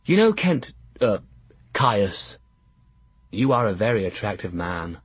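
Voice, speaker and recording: A man voicing a quick-witted, sharp-tongued young male jester with a bawdy, mocking manner. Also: lowish voice, very animated, slightly rough, no room sound, exaggerated voice. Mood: teasing.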